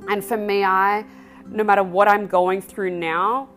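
A woman's voice: medium pitch, flat delivery, unhurried, fairly bright tone, faint music behind. A woman hosting a podcast, telling her own faith testimony in a candid, emotional way. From Australia. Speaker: podcast host.

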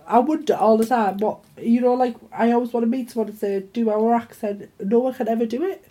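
A woman's voice: a little high, steady tone, a little fast, dark tone. A young woman from Middlesbrough with a Teesside accent, chatting on a podcast microphone, teasing her co-host, giggling and swearing freely. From Middlesbrough, England. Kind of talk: casual chat.

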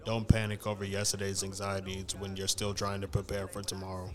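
A man chatting casually with friends, telling animated slang-filled stories and acting out other people's voices. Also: deep voice, brisk. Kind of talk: casual chat, storytelling.

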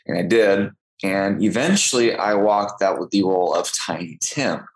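Low-voiced young man from Texas. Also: moderate pace, few pauses, low-quality recording. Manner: chatty, self-deprecating, with small restarts. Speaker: guest actor. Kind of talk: casual interview storytelling.

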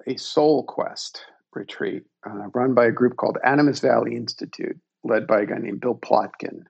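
A man in his fifties, a guest telling a personal story in a reflective, unhurried and self-deprecating way. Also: medium pitch, gravelly, a little mellow, breathy edge, lo-fi sound.

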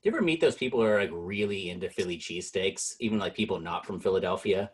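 A man's voice: sits low, expressive, fast, husky. A man co-hosting a comedy podcast, teasing with jokey asides. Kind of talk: casual comedic chat.

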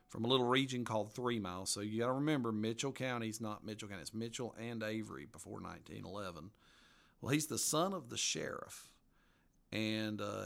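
A man's voice: lowish voice, gravelly, fairly bright tone. A man, an author being interviewed, telling local history in a folksy, rambling way. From western North Carolina mountains. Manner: folksy, rambling, laughs at his own stories. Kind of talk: casual storytelling interview.

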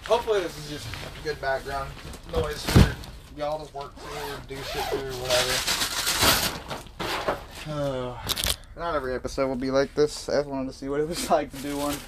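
A man's voice: a little high, normal speed. Young male podcaster, casual and profane, recorded in a noisy delivery truck cab. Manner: rambling, profane, talks to himself while working. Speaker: podcast host. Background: wind and banging packages.

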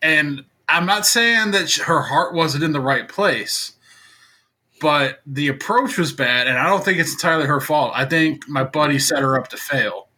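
A man's voice: on the high side, moderate pace, pushed and bright, breathy edge. A man co-hosting a podcast, telling a long, rambling story in casual chat with many filler words. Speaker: podcast co-host.

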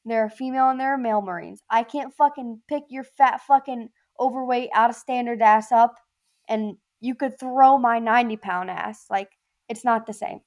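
A woman's voice: fairly high pitch, moderate pace. Blunt, profane Southern woman. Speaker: podcast guest, former Marine. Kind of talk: casual podcast chat.

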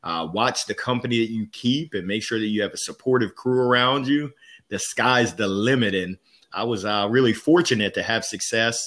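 A man's voice: fairly low pitch, normal speed, a bit bright. A man being interviewed as a guest on a sales podcast, telling candid, upbeat stories about his career. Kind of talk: casual interview storytelling.

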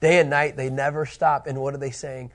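A man teaching a Bible study, animated and emphatic, reading scripture aloud with building intensity. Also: mid-range voice, a little fast.

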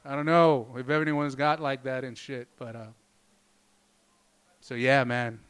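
A man's voice: mid-range voice, steady tone, measured pace, fairly bright tone, clear, resonant tone. A man doing a stand-up comedy set, rambling loosely and swearing constantly. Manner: profane, rambling, loose delivery.

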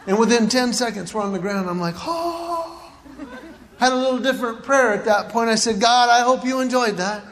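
High-voiced man telling a story in a big hall. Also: fast talker, few pauses, noisy background. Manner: animated, acts out his own panic with yelps. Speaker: Christian comedic speaker. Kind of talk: storytelling stand-up talk.

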